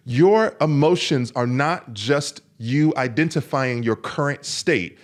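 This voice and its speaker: A man hosting a podcast, coaching other men in an emphatic, repetitive monologue. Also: medium pitch. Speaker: men's coach and podcast host.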